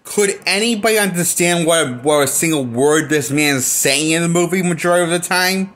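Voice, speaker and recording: A man's voice: a little high, brisk, fairly bright tone. A man giving a casual film review as a movie critic, blunt and profane, rambling and restarting his sentences often.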